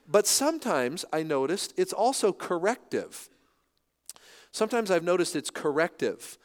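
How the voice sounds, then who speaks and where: A middle-aged male pastor preaching a sermon in an animated, conversational way, with self-deprecating humor. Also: high voice. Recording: reverberant hall.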